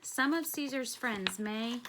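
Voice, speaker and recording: A humble Roman senator begs for mercy on his knees, as a woman reads the part aloud. The voice sits somewhat higher than her own, soft and imploring. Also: lively intonation, slow, noisy background. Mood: begging. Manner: humble, begging.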